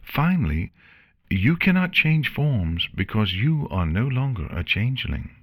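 A man voicing a calm, gentle royal princess who lectures kindly in a fan storybook reading. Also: medium pitch, unhurried, pitched above the performer's own voice. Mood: cheerful.

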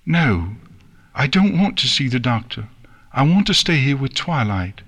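A man reading an audiobook and voicing a small frightened filly pony with a high, wavering, tearful voice. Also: sing-song, a little slow, fairly bright tone, slightly rough, exaggerated voice. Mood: pleading.

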